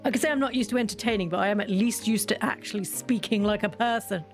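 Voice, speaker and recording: Female let's-play host, chatty and self-mocking, average pitch, faint music bed. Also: fast. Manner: rambling, self-mocking, giggly. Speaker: gaming streamer. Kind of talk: casual let's-play chat.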